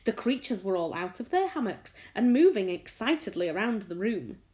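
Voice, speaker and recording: A woman teacher reading a children's book aloud with expressive storytelling. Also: medium pitch, moderate pace.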